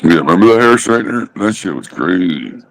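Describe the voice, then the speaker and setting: A man ranting casually about smoking habits, swearing constantly and mocking others with drawn-out pauses. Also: deep voice, lively intonation, poor audio. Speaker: host. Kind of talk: casual profane rant.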